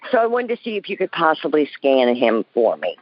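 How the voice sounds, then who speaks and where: A woman's voice: sits low, huge pitch swings, brisk, no room sound, dull audio. A woman calling in to a show, friendly and laughing easily as she talks. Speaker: caller. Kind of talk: phone call-in.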